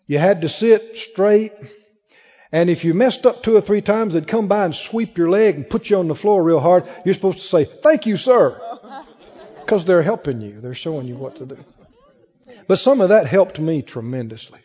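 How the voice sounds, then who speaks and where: Preacher guy, high voice, animated storytelling, dull echoey church sound. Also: normal speed, breathy edge. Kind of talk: sermon with personal story.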